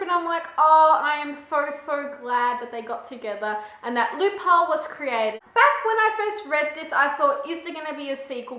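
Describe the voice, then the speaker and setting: A woman's voice: high voice, bright, forceful tone. A young woman, chatting in a gushing way as she reviews a book for her vlog. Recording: echoey room.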